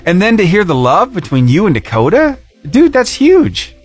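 A man's voice: high voice, wildly swooping pitch, normal speed, husky, faint music behind. A man hosting a morning radio show, goofy and upbeat, laughing often as he chats with a caller. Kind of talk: casual radio chat with a caller. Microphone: studio microphone.

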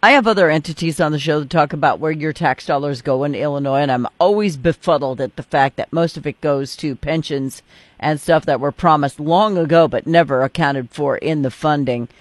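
Talk show host, man, fairly high voice, casual and joking, very dry sound. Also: brisk, no echo. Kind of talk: political talk show interview.

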